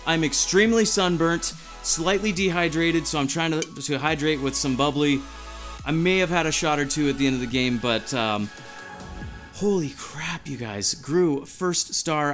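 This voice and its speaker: A man hosting a live stream, giddy and out of breath, reading chat messages aloud in an excited chat. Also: on the high side, moderate pace, soft background music.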